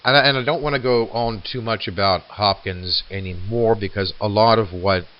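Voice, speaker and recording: Male literature lecturer, low voice, reflective, muffled lo-fi recording. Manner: reflective, slows to read verse aloud, many fillers.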